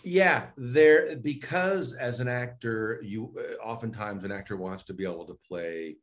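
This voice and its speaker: Low-voiced man, lively storytelling coach. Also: a little slow. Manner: animated storyteller, acts out quotes, many restarts. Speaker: voice and speech coach. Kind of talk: casual online interview chat. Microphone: video call.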